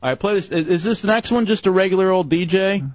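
A man's voice: high-pitched, quick pace, a little mellow, dry recording, lo-fi sound. A man hosting a crude comedy radio show, teasing and mocking his co-hosts.

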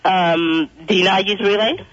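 A man working as a phone relay operator, speaking in a flat businesslike way. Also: sits high, measured pace, a crowd in the background. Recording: muffled phone line on radio.

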